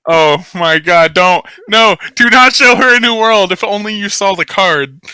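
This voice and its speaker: A man's voice: high-pitched, a little slow, bright, forceful tone, clear, resonant tone. A man running a tabletop game as game master, loose and profane, laughing often with his players.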